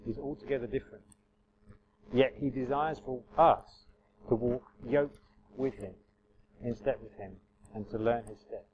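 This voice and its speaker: A man's voice: mid-range voice, a little slow, pauses often. A man preaching a sermon as the pastor. He speaks earnestly and conversationally, with frequent restarts. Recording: slightly muffled church recording.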